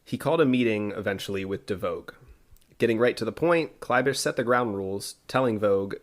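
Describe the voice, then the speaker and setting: A man co-hosting a podcast, telling a history story in a relaxed way with asides and fillers. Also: fairly low pitch, brisk. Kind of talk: casual history podcast narration.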